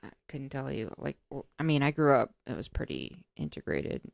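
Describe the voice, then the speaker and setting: A woman's voice: very deep voice, big pitch swings, moderate pace, gravelly, no echo, clean studio sound. A woman co-hosting a comedy podcast, talking bluntly and swearing freely. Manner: blunt, profane, incredulous. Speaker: podcast co-host. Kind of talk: casual podcast chat.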